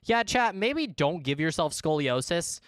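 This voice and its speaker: A man's voice: a little high, big pitch swings, unhurried, fairly bright tone, clear, resonant tone, dry recording, studio quality. A man streaming a video game, chatting casually to his viewers and swearing freely as he plays. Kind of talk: casual livestream commentary.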